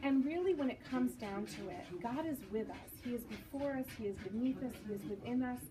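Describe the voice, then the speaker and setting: Noticeable background noise and a distant mic capture this fairly high-pitched, brisk woman's voice. She is an author in her forties giving a storytelling talk to a live audience in a bookstore event space, acting out quotes and laughing at herself.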